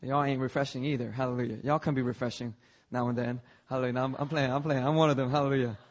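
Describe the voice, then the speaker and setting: A man's voice: medium pitch, fairly even intonation, rapid-fire. A young man preaching a fervent church sermon, often breaking in with "hallelujah" in a sanctuary.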